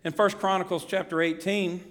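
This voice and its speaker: A male preacher delivers a sermon with a high-pitched voice. He preaches in an animated way, swinging between quiet asides and raised, emphatic lines. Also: moderate pace.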